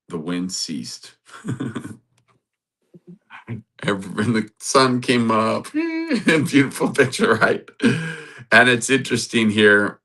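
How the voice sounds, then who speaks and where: Bright-voiced man giving a Bible talk. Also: on the low side. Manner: animated, laughs often, acts out quotes. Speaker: podcast host.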